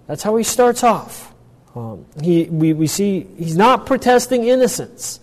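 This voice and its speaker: In an echoey hall with long reverb, a man speaks as a pastor teaching from a Bible passage, his high-pitched voice very animated yet unhurried and a little mellow. Thoughtful in manner, he works through the text phrase by phrase, frequently restarting and adding asides.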